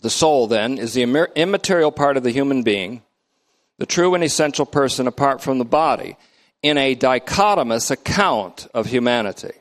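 An older man leading a Bible study in a lecture style, emphatic and slow to define each term, his pitch often swinging up and down. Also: animated. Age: middle-aged or older. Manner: emphatic, defines terms slowly word by word.

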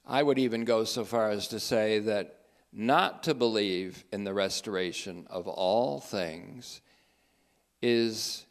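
Guy doing theology commentary, talks real slow, leans hard on words, kinda sardonic. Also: lowish voice. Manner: emphatic, sardonic, reads quotes slowly with stress. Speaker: teacher of a theology group.

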